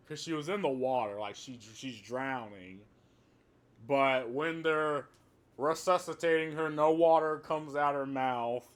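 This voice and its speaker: A man's voice: fairly high pitch, a bit bright, clear, resonant tone. A man giving a casual, rambling movie review, swearing often and laughing at the plot.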